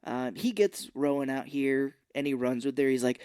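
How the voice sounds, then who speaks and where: A man's voice: mid-range voice, moderate pace, smooth, no room sound, clean studio sound. A man co-hosting a podcast, recapping a film in casual chat and acting out scenes as he goes. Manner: animated storytelling, acts out scenes. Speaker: podcast co-host.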